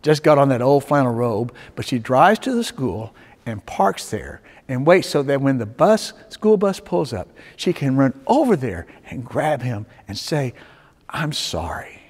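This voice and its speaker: A male pastor preaching a sermon, telling stories with dramatic swings between loud urging and hushed tones. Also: medium pitch, very animated, normal speed. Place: church sanctuary. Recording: long reverb of a church sanctuary.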